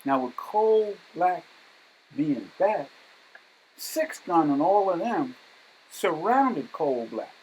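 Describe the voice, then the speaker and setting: A male storyteller who takes his time, letting each phrase land, and keeps checking in with his listeners. His pitch moves a lot, climbing and dropping as the story builds. A faint hiss sits under the recording. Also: sing-song, low-quality recording. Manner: unhurried, dramatic, tags lines with "okay?". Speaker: storyteller and teacher. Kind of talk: personal storytelling.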